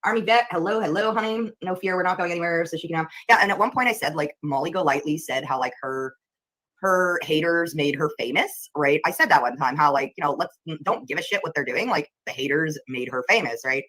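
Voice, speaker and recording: A woman talks casually on her livestream and greets viewers by name. Her voice sits low but sounds bright and forceful. She is chatty and quick to react. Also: low-quality recording. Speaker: livestream host.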